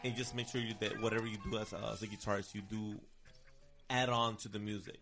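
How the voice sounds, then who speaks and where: A man's voice: lowish voice, level tone, fast talker, fairly bright tone. A man in a casual chat explaining his guitar role, earnest and a little hesitant. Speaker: band lead guitarist.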